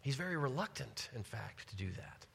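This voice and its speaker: An animated man teaching from the Bible with real enthusiasm, moving between scripture reading and lively, chatty reflection. His voice has a bright, forward edge. A long echo trails after him, as in a large hall. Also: mid-range voice, moderate pace, gravelly, a little hiss or hum.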